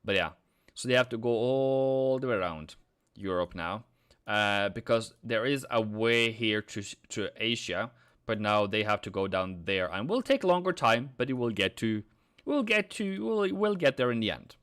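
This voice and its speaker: A man's voice: mid-range voice, lively intonation, a bit bright, clear, resonant tone. A man hosting a live trading stream, talking through charts and joking with his viewers. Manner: joking banter, drawn-out chart talk.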